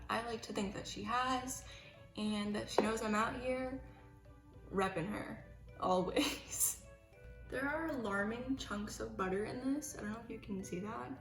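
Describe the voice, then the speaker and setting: A woman's voice: mid-range voice, fairly bright tone. Chatty young woman in an echoey kitchen. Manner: chatty, self-mocking, dramatic. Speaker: vlogger. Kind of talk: casual baking vlog chat. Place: home kitchen. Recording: echoey room with faint music.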